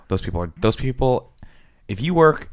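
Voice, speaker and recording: A man's voice: mid-range voice, big pitch swings, unhurried. A man co-hosting a podcast, talking wryly in casual chat. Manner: wry, mock-dramatic. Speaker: podcast co-host.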